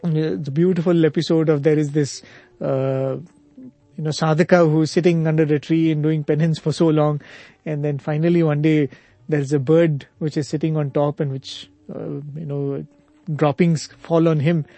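A man retelling a spiritual story in casual conversation, hesitant with many fillers and soft chuckles. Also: fairly high pitch, little pitch movement, normal speed, dry recording, faint music behind.

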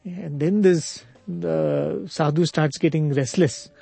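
Man, casual storyteller, halting with fillers and chuckles, warm low-brightness tone, dry mic. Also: steady tone, creaky, husky, no room sound, faint music behind. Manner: hesitant, many fillers, chuckles while telling. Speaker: storyteller in a spiritual discussion.

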